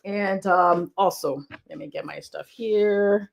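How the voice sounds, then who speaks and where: A woman health educator talking fast and casually to camera, repeating key points with lots of fillers. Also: mid-range voice, creaky, slight background noise. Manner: talks fast.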